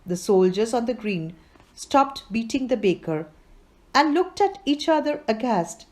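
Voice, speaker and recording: Expressive woman reading a fable. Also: on the high side, a little slow. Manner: expressive, voices the characters. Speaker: reader. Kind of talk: storybook reading.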